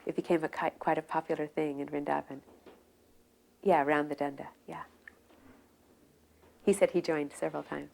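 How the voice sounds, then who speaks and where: Brief: woman in a low register, soft-spoken and relaxed, sharing remembered stories. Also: moderate pace, gravelly, pauses often. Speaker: devotee recounting memories. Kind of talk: reminiscing storytelling.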